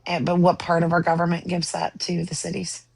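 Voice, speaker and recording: A woman's voice: on the low side, completely flat delivery, a little fast, gravelly, darkish tone, slightly rough, dry recording. A woman moderating a political panel debate, quizzing the others in a pointed, sarcastic way.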